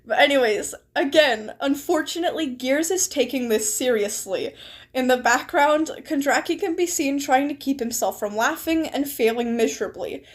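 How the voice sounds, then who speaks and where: A woman's voice: sits high, moderate pace. A young woman streamer telling a story casually and animatedly while gaming, giggling often. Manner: animated, giggly, retells chats with quoted lines.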